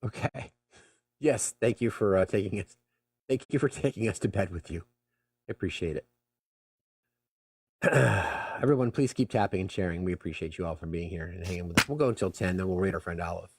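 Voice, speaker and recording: Husky-voiced man hosting a live chat. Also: low-pitched. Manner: earnest, halting, restarts often. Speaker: host of live panel. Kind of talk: casual live-stream chat.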